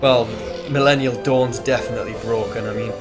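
A man's voice: mid-range voice, steady tone, a little fast, over music. A man giving casual strategy gameplay commentary as a video host, swearing freely and talking to his viewers.

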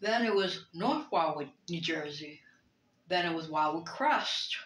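In her bedroom vlog, a woman from Brooklyn, New York speaks unhurriedly in a low, fairly bright voice with lively intonation. Her rambling is hesitant, emotional and reflective, full of fillers and restarts, and the room gives a noticeable echo.

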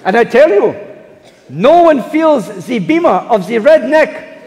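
A man's voice: very high-pitched, very animated, a little slow, a little mellow, full character voice. A man impersonating an earnest German football coach with a German accent, speaking broken English on a live stage. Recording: live hall with audience.

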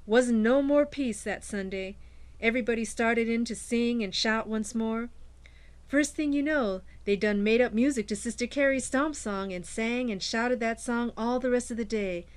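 A woman's voice: fairly high pitch, moderate pace, clear, resonant tone. Woman telling a memory in folksy dialect. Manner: warm folksy storytelling in rural dialect. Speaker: reader of a former slave's account. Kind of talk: dramatic first-person reading.

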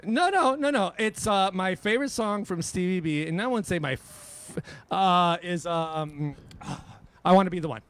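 A middle-aged man, a radio DJ, telling a story in casual chat, animated and profane, acting out the people he quotes. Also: high voice, moderate pace. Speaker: radio DJ guest.

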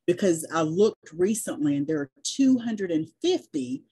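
Low, dark-voiced Southern woman. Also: animated, normal speed, breathy edge. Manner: chatty storyteller, spells things out. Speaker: business and sales coach, guest. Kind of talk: casual interview chat.

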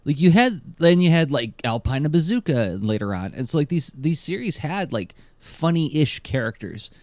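A man hosts a podcast in loose, casual chat, his pitch swooping up and down as he talks. He laughs often and fills his speech with fillers. The sound is dry and close to the mic. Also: sing-song, moderate pace, no echo. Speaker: podcast host.

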